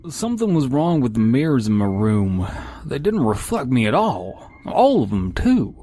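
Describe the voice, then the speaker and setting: A man reading a comic hotel review in a wry, deadpan way. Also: medium pitch, moderate pace, no room sound.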